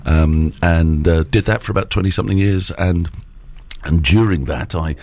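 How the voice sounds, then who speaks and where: Man, middle-aged, husky, rambling, self-deprecating guest. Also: deep voice, moderate pace, darkish tone. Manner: self-deprecating, long-winded storyteller. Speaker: guest, TV presenter and auctioneer. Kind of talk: casual chat.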